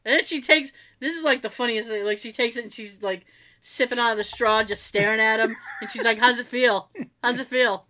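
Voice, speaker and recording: Bright-voiced woman telling stories casually. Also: fairly high pitch, fairly quick. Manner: animated, swears freely, acts out family members' lines. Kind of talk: casual storytelling chat.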